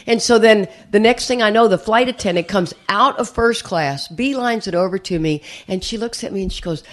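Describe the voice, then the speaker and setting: A woman's voice: medium pitch, a little fast, hardly any pauses. An older woman sharing her story at a recovery meeting, chatty and rambling, often repeating words as she starts a sentence. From USA. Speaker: AA speaker.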